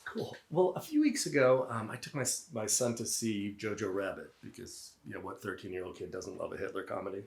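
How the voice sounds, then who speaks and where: A man's voice: lowish voice, animated, brisk, vocal fry, hardly any pauses, slight background noise. A man in his fifties from the Boston area telling a personal story live, with a wry, self-deprecating, conversational delivery. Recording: roomy venue sound.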